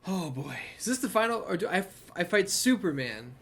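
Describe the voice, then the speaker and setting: A man's voice: high-pitched, very animated, brisk, fairly bright tone, breathy edge. A tired man giving casual, profane gameplay commentary late at night, rambling between laughing asides. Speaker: let's play gamer.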